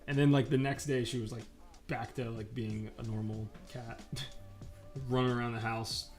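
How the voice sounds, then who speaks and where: A man's voice: medium pitch, level tone, normal speed, soft background music. A man chatting casually and profanely while drawing on a live stream, rambling with lots of fillers.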